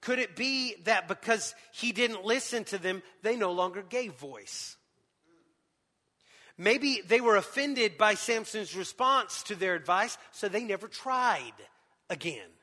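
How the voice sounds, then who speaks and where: A middle-aged man preaching a sermon to parents, swinging between loud emphatic lines and hushed ones. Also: high voice, lively intonation, a little slow. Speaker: pastor. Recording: long hall reverb.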